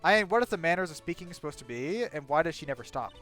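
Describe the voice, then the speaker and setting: A man puts on a cranky, nosy old woman who scolds everyone in a shrill, bossy voice, swinging wildly up and down in pitch. Faint music plays behind. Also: expressive, fast talker, fairly bright tone. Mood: scolding.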